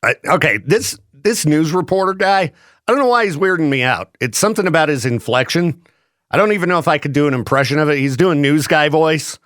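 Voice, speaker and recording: A man's voice: fairly high pitch, brisk, no room sound, clean studio sound. A man hosting a morning radio show, chatting casually and joking with frequent laughs. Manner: animated, joking, laughs often. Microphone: studio microphone.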